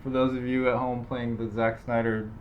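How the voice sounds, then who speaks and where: A man's voice: mid-range voice, flat delivery, moderate pace, muffled recording, a little hiss or hum. A young man co-hosting a podcast in casual chat, rambling with lots of fillers and self-deprecating asides. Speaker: podcast co-host.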